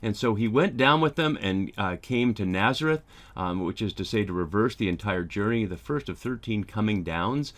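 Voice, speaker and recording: Guy w a lowish voice going thru a bible passage, lots of ums, thinking out loud. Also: lively intonation, moderate pace. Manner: thoughtful, many ums and restarts. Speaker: Bible teacher. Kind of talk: lecture over slides.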